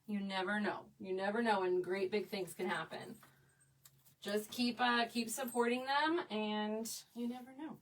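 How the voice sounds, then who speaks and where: On a crafting live stream, a middle-aged woman from Oklahoma chats casually in a voice on the high side and a bit bright. She's sociable and quick to laugh, greeting viewers and voicing their comments, and the recording catches her a bit far from the mic.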